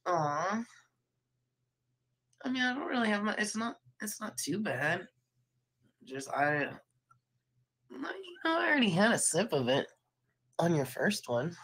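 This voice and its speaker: A woman chatting on her live stream with a voice roughened by illness. She rambles, swears casually and talks in an easy, loose way. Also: lowish voice, animated, unhurried, pauses often, a bit bright, low-quality recording. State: hoarse from illness.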